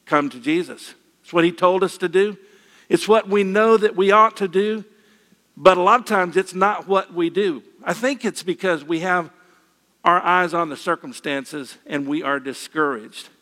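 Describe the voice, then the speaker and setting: An older man preaching a sermon, folksy and gently humorous, with repeated phrases. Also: sits high, moderate pace, long reverb tail.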